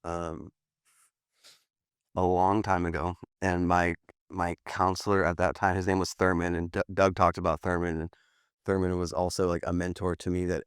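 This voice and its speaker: A man's voice: low voice, level tone, moderate pace, clear, resonant tone, no room sound, studio quality. A man in his thirties, a podcast guest, telling his story in a candid, rambling way with many fillers and restarts. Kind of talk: candid interview talk.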